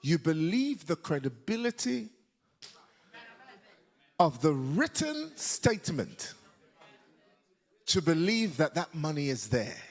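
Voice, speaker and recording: Animated high-pitched male preacher. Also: takes it slowly, long pauses. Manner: animated, shouting and call-and-response with congregation. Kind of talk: sermon. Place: church hall with congregation.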